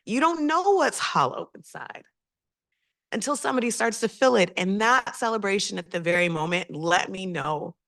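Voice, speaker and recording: A woman's voice: mid-range voice, lively intonation, moderate pace, a bit bright. A woman speaking on a community panel, telling a personal story in a heartfelt, reflective way with frequent hesitations.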